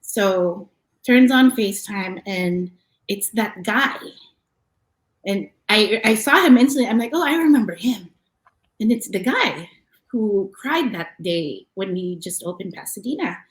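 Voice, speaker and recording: A woman's voice: mid-range voice, animated, measured pace, echoey room, low-quality recording. A woman who owns a cafe, telling a personal story as a podcast guest. She speaks earnestly and reflectively, often restarting her sentences.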